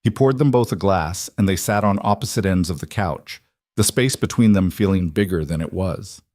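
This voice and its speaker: Low-voiced man narrating a story. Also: moderate pace, darkish tone, no echo, clean studio sound. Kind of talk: scripted narration.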